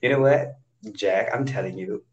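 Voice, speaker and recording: A young Indian English learner with an Indian English accent chats eagerly and animatedly over a casual video call, restarting sentences often. His lowish voice moves at a moderate pace, and the computer mic recording sounds muffled, with a crowd audible behind him.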